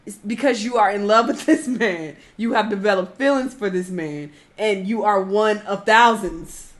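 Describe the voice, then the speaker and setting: A woman's voice: mid-range voice, normal speed. A woman giving casual reaction commentary in a blunt, profane, scolding way. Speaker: reaction channel host.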